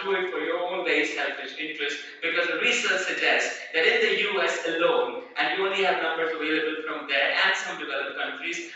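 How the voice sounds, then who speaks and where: A man's voice: fairly high pitch, pushed and bright, slight background noise. A man giving an inspirational talk on stage, earnest and full of rhetorical questions. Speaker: conference speaker. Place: large hall on stage. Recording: echoey hall from far off, dull.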